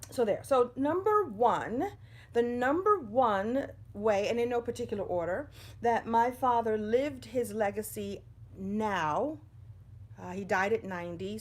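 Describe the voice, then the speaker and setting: A middle-aged woman speaks to her livestream viewers from a room at home, in front of a bookshelf. She talks in a chatty, personal way about life lessons. The sound comes from a simple phone or webcam setup. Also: medium pitch. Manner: warm, chatty, greets viewers by name. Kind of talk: live-streamed inspirational talk.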